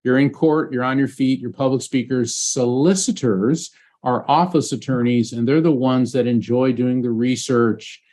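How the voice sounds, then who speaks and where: A man in an interview talks earnestly, recounting a personal story with animated energy. His voice sits at an ordinary pitch and he often restarts his phrases as he goes. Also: normal speed. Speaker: psychic medium guest, former trial lawyer.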